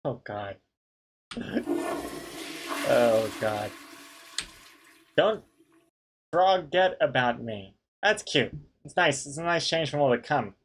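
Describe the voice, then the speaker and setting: Man, casual streamer, jokey, reads chat aloud, laughs a lot, middle pitch. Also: animated, takes it slowly, long pauses, background noise. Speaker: streamer reading viewer suggestions.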